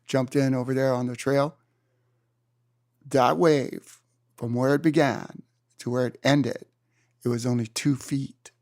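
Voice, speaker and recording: A man in his seventies from Hawaii, an interview guest telling surf stories in an animated way and acting out his own exclamations. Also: medium pitch, a little slow, long pauses, dry recording, studio quality. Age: 70s. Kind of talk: storytelling in a conversation. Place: room.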